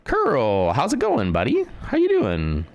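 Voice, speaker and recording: A man's voice: mid-range voice, wildly swooping pitch, a little slow. A man streaming live, chatting with his viewers and thinking aloud as he plays a location guessing game, greeting people by name. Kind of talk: casual live-stream chat while playing a guessing game.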